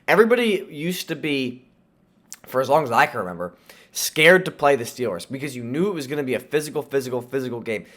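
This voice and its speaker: Opinionated and rambling, a young sports podcast host fills his casual commentary with fillers and restarts. His voice is medium in pitch and fairly bright, though a sore throat makes it nasal with a slight lisp.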